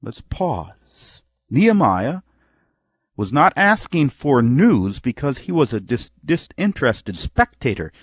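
A man's voice: mid-range voice, very animated, unhurried, slightly rough, no room sound, clean studio sound. A man preaching a sermon. He reads scripture aloud and acts out imagined replies to make his point.

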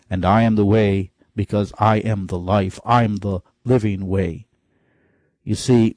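A man preaching a sermon with fervent delivery, climbing sharply in pitch on key phrases and slowing down for emphasis. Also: a little mellow, no echo.

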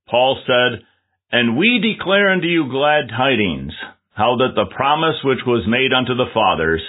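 Man preaching a sermon, measured and earnest, husky voice, tinny phone-like sound. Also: on the low side.

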